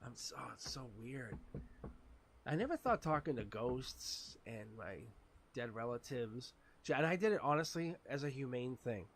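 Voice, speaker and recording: Raspy man, tarot reader on a live stream; animated, chatty, laughs often. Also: mid-range voice, normal speed, slight background noise.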